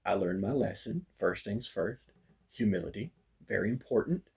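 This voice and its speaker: Husky man telling a casual story. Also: fairly low pitch, normal speed. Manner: animated, acts out quoted lines, frequent fillers. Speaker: storyteller recounting a fighting practice.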